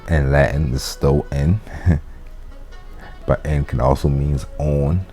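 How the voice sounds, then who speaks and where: A man's voice: extremely low pitch, steady tone, slow pace, mellow, faint music behind. A man teaching a casual language lesson, explaining loosely with fillers and restarts. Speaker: Latin teacher.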